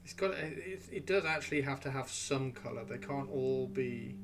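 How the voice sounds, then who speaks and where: A man's voice: medium pitch, moderate pace, background noise. A man hosting a livestream, chatting casually and rambling to himself as he browses, with the odd swear. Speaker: livestream host. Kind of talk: casual chat while gaming.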